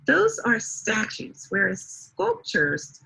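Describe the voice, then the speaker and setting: A woman's voice: mid-range voice, huge pitch swings, slow pace, gravelly, sharp tone, husky, poor audio. A woman teaching a one-to-one online English lesson over a video call, patiently explaining word meanings. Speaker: English tutor.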